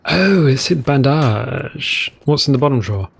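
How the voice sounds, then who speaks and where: Male gaming host, mid pitch, lively and rambling, casual commentary. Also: vocal fry, breathy edge. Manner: chatty, jokey, rambling asides. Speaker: let's play host.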